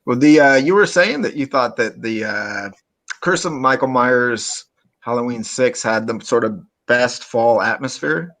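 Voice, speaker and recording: A man hosting a casual online chat, relaxed and easygoing, with frequent "uh" fillers. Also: medium pitch, a little slow. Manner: laid-back, frequent "uh" fillers. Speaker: podcast host.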